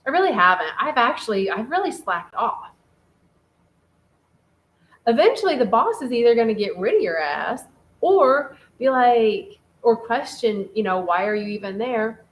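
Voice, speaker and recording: A woman co-hosting a casual relationship talk show, chatty and animated, reading out listener comments. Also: fairly high pitch, unhurried, rough recording. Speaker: podcast co-host.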